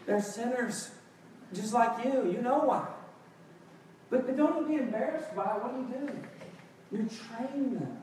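A man's voice: extremely high pitch, measured pace, pauses often, darkish tone, slight background noise. A man preaching a sermon as pastor, building to emphatic, impassioned outbursts. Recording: echoey hall, picked up from a distance.

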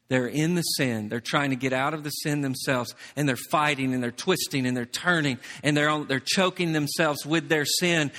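A man preaching a sermon as pastor, shifting from soft, intimate stretches to loud, emphatic ones. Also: fairly high pitch. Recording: long reverb of a large hall.

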